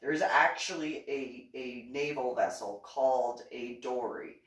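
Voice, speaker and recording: Host brief: middle-aged woman, unhurried animated storyteller, mic set well back from her. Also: a bass voice. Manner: chatty, animated, amused. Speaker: YouTube channel host. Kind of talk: casual personal storytelling. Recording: echoey room, distant mic.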